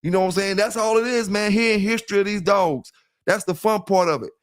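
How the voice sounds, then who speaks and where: A talkative middle-aged man with a Southern US accent and a fairly high voice. He hosts a casual livestream in a loose, rambling way and keeps checking in with his listeners. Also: quick pace. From South Carolina. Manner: loose and talkative, keeps saying "you know what I'm saying", greets chat members. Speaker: livestream host.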